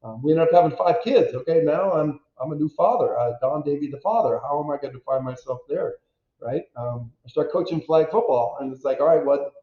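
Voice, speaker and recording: 50s guy, animated storyteller, pokes fun at himself, echoey muffled audio. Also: on the high side, a little fast. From United States. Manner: animated, self-deprecating, acts out quotes. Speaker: guest, former pro football player. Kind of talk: candid storytelling interview.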